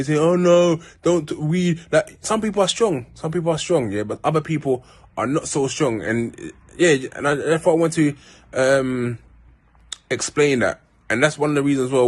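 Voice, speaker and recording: Man from South London with a local accent, casual vlog monologue, earnest and rambling, mid-pitched voice. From Peckham, South London. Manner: rambling, heartfelt, many restarts and street slang. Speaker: vlogger.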